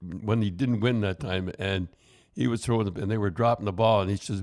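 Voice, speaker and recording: A man's voice: on the low side, steady tone, fairly quick, a little mellow. Older man rambling through hockey stories. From Canada. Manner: rambling, repeats words, chuckles at his own stories. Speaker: podcast host, former hockey coach. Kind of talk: casual storytelling chat.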